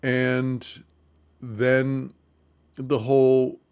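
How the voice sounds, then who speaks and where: A man casually retelling a comedy film's plot for theatre makers, with chuckles and quick put-on voices for the characters. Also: smooth. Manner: animated retelling, quick falsetto bits for quoted characters; chuckles through the telling. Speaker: theatre commentator. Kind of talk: casual film recap.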